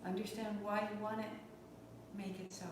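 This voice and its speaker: A woman in her forties teaching a live online yoga class from home, speaking in a gentle, reflective and heartfelt way. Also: medium pitch, level tone, normal speed, noisy background. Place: home room. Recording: echoey room, distant mic.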